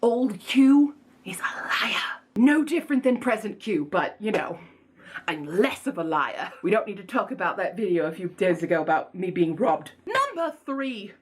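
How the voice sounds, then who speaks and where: A woman book vlogger chatting casually in a put-on snobbish accent, playful and self-mocking, her pitch swooping up and down. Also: lively intonation, moderate pace, husky. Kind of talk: casual chat.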